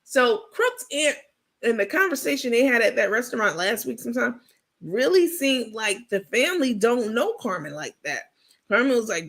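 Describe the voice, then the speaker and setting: A woman's voice: a little high, expressive, moderate pace, fairly bright tone. A woman hosting a reality TV gossip stream in casual commentary chat, with a sassy, blunt, profane and rambling manner.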